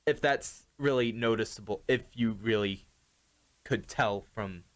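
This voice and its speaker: A young man hosting a casual music podcast, talking in a relaxed, hesitant way with frequent restarts. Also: fairly low pitch, measured pace. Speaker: podcast host. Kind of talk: casual chat.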